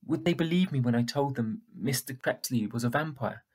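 Man, audiobook narrator, first-person story, husky, mid pitch, steady. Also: normal speed.

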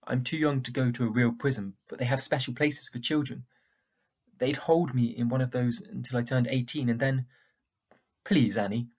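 A man voicing a frightened young boy in a storybook reading, husky and pleading. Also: mid-range voice, fairly even intonation, normal speed, lightly acted. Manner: pleading, defensive.

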